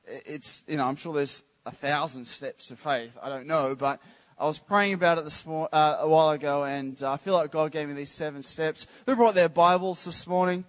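A man preaching a casual, joking sermon to a church congregation, teasing the crowd with quick questions. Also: fairly high pitch. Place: church service.

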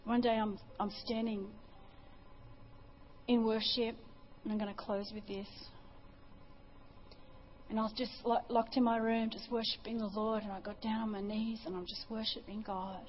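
Impassioned high-voiced woman preacher. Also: flat delivery, normal speed, long pauses, highs cut off, slight background noise. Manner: impassioned testimony, repeats phrases. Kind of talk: sermon. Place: church service.

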